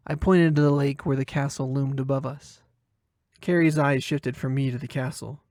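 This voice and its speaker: Man narrating a dark short story. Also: mid-range voice, level tone, brisk, no echo, clean studio sound. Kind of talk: first-person horror story narration.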